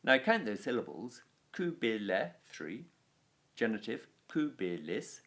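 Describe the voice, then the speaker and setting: Male Latin tutor for a grammar lesson, unhurried delivery, pitch that rises and falls a lot, chants noun endings, steady "okay" check-ins. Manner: patient, chants declension endings in rhythm; plain-spoken, checks in with frequent "okay". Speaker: Latin teacher.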